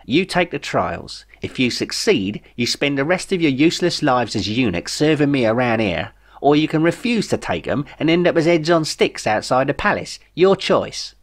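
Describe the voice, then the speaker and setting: A man's voice: mid-range voice, very animated, moderate pace, hardly any pauses, voice pushed up. A man voicing a bossy, scornful queen in a spoken storybook, mocking and imperious.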